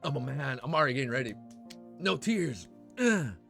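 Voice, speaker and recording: A man reads a web novel aloud for a reaction video at a middling pitch. He keeps stopping for excited side comments and bursts of laughter. Soft music runs faintly behind him. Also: racing, creaky. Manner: laughs often, breaks off into excited asides.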